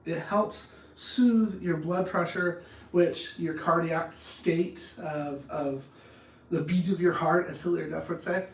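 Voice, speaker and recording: A man giving an animated talk as an anger management coach, acting out arguments as he goes. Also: on the high side, takes it slowly, far from the mic. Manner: animated, acts out arguments in different voices. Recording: roomy echo, speaker off-mic.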